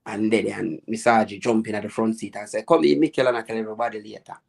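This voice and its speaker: A man with a Jamaican accent hosting a live chat, telling lively stories about his childhood in patois and acting out the people he quotes. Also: fairly low pitch, fast, vocal fry, breathy edge. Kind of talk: casual storytelling chat.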